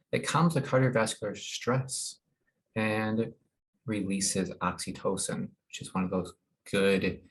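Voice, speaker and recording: A man presenting a wellness webinar in an informal, halting way, with many fillers and restarts. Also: lowish voice, low-quality recording. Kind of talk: informal educational talk.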